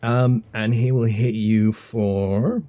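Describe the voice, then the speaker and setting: A man's voice: fairly low pitch, slow pace, soft background music. A man narrating combat as game master of a tabletop game, easygoing and full of filler words. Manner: relaxed, many fillers and restarts while narrating combat.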